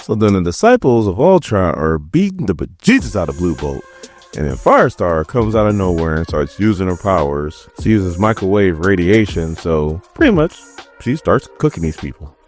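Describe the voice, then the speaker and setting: A man's voice: sits low, sing-song, normal speed, faint music behind. A man casually recapping a comic book issue, retelling scenes in a chatty, slangy way. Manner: retells scenes conversationally, mimicking characters' lines with slangy asides.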